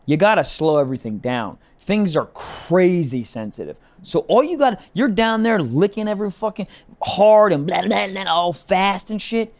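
A young man co-hosting a comedy podcast, talking crudely and animatedly, swinging between loud bursts and low drawn-out lines. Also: expressive. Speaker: podcast co-host.

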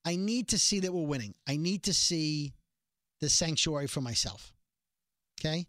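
Podcast co-host, casual episode recap, sarcastic animated retelling, dead-dry close mic. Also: mid-range voice, moderate pace, no echo.

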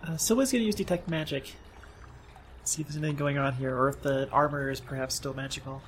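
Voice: medium pitch, fast talker, slight background noise. A tabletop game player describing actions in a matter-of-fact way. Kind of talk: casual tabletop game chat.

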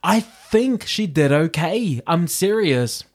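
A man co-hosting a casual chat, earnest and a little halting as he explains vocal technique. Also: fairly high pitch, lively intonation, darkish tone. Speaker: podcast co-host.

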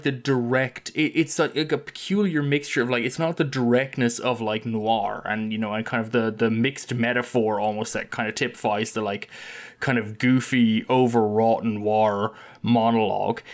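A man co-hosting a casual film chat, rambling and wry, often restarting his sentences. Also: medium pitch. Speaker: podcast co-host, film discussion.

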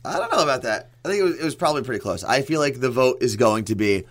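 Chatty radio co-host, dry studio sound. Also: male voice, mid-range voice, big pitch swings, no room sound. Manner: joking, quick and chatty. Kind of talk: casual radio banter.

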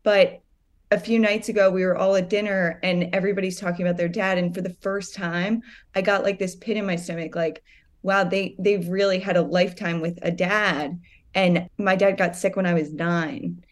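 A woman's voice: on the low side, fairly even intonation, normal speed. A woman guest speaking openly and reflectively about her feelings in a casual chat. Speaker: guest listener.

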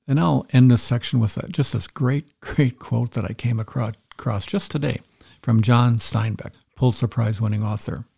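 A man's voice: mid-range voice, gravelly, warm tone, husky. A middle-aged man giving an earnest instructional talk, explaining points step by step and repeating the key ones.

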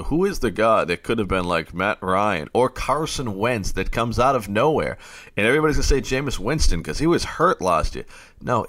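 A man's voice: fairly low pitch, a bit bright. Ranting late-night sports radio host, man. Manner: ranting, gets fired up.

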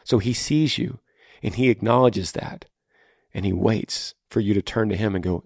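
A man's voice: on the low side, normal speed, creaky, darkish tone, no room sound, studio quality. A man hosting a podcast, giving earnest, encouraging faith-based advice to a listener and repeating phrases for emphasis. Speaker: podcast host answering listener questions.

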